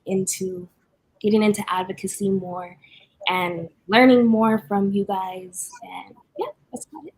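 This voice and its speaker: A woman's voice: mid-range voice, steady tone, a little slow, slightly rough, low-quality recording. A woman in her twenties introducing herself on a video call, shy and a little unsure. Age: 20s. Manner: shy, unsure, soft-spoken.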